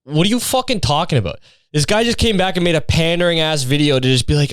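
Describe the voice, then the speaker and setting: A man's voice: fairly high pitch, animated, quick pace, smooth, dry recording, studio quality. A young man hosting a podcast, ranting in a casual, exasperated and mocking way, full of swearing. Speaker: podcast host. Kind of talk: casual comedic rant.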